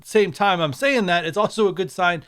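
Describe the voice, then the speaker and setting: A man's voice: high voice, normal speed, fairly bright tone, clean tone. A man talking casually to his viewers as a mobile game video creator, chatty and speculative, walking through game updates over screen capture.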